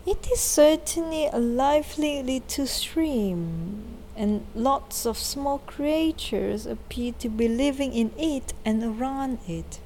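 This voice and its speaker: A woman's voice: high-pitched, slow, dark tone, a little hiss or hum, pitched above the performer's own voice. A woman voicing a thoughtful, curious little storybook character who talks earnestly and exclaims.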